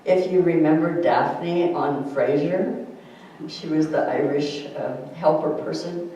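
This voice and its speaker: Woman, gentle chatty speaker, spiritual talk to a group, laughs easily, very echoey room, distant mic. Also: deep voice, takes it slowly, muffled recording, a little hiss or hum. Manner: gentle and chatty, laughs often at her own stories. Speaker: speaker giving a spiritual thought. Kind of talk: informal talk to a group, reading a quote aloud. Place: room with a small audience. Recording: echoey room recorded from far off.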